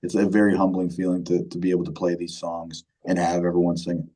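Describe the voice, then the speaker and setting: Brief: a laid-back male musician in his thirties, very deep and warm voice, rambling casual interview chat. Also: completely flat delivery, fast talker, low-quality recording. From Michigan, USA. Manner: laid-back, many fillers and repeats, says "man" often. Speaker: band vocalist, guest.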